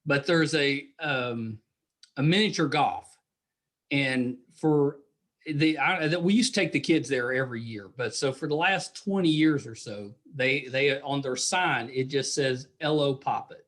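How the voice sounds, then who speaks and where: A man's voice: medium pitch, a little slow, a bit bright. A middle-aged man with a West Virginia accent hosting a podcast, rambling and self-deprecating, chuckling often. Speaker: podcast host. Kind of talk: casual interview chat.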